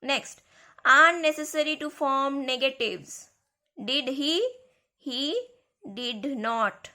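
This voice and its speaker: A woman teaching a grammar lesson to schoolchildren, speaking slowly and repeating key words. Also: high voice, pushed and bright. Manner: slow, repeats key words, addresses kids.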